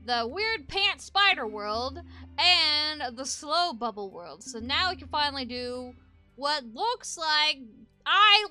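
Woman gamer freaking out at the screen, super high pitch, slow talker, faint game music behind. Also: no echo. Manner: excitable, flustered reactions with frequent exclamations. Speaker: gameplay commentator. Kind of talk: let's play commentary.

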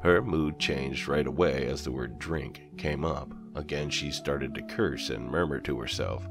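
A man narrating a first-person horror story in a measured storytelling manner. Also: very deep voice. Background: soft background music.

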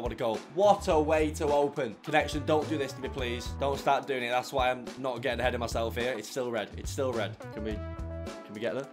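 A young man commentating his own football video game, swinging from muttered grumbles to shouted celebration. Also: medium pitch. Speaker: gaming YouTuber. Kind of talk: live gameplay commentary.

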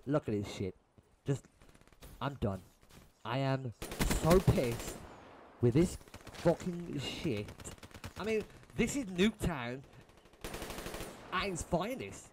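A man's voice: fairly high pitch, sing-song, takes it slowly, long pauses, slight background noise. A young man giving exasperated, swearing commentary over his own match replay. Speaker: gaming YouTuber. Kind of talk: profane gameplay commentary rant. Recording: game gunfire loud behind voice. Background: game gunfire and shots.

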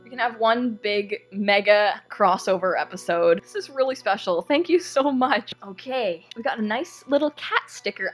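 A woman with a high, bright-sounding voice chats excitedly through an unboxing vlog. Her pitch leaps around as she gasps and exclaims over each gift. Soft music plays faintly underneath. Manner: gushing, gasping exclamations. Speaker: YouTuber unboxing fan mail.

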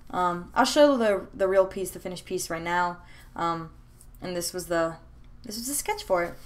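A woman's voice: on the low side, expressive, moderate pace. A young woman in casual chat about her sketchbooks, chatty and rambling with many fillers and restarts, gushing with enthusiasm. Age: young adult. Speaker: art vlogger. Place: room at home.

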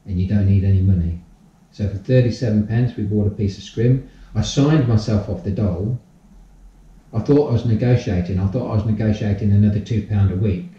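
An older man, a podcast guest telling his life story in a casual, animated way and acting out the dialogue. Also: fairly low pitch, fairly quick. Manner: animated storyteller, acts out dialogue, repeats phrases. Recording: distant, roomy, dull-sounding audio.

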